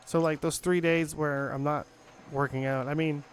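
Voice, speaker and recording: Speaking at a moderate pace with fairly even intonation, a young gaming host rambles casually through his gameplay, using lots of fillers. His pitch is fairly high, and there's slight background noise.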